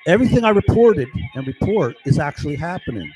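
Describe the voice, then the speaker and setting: Agitated man ranting, lively pitch. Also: quick pace, soft background music, low-quality recording. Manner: agitated, repeatedly asks right and okay; swears and shouts insults. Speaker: vlogger. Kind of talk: angry rant to camera.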